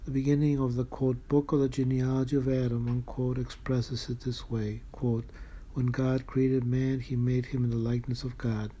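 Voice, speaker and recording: A man's voice: medium pitch, completely flat delivery, normal speed, mellow, a little hiss or hum. A man reading a religious document aloud, carefully marking every quotation and citation, earnest and moved by the text. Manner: reads each citation out in full, marking quotes aloud. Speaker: reader of a church document.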